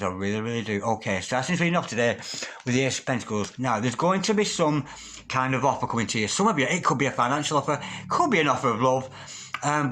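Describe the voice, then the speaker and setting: Guy reading tarot cards on video, gets all excited, chants the same invocation over and over, mid-pitched voice. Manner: repeats prayer-like invocations. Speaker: tarot reader.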